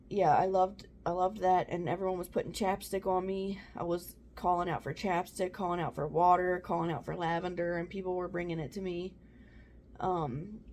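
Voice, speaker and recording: A woman's voice: on the low side, a little mellow, slight background noise. A young woman casually telling a personal story to camera, chatty with lots of "um" and "like". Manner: chatty, many "um" and "like" fillers. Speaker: mom vlogger.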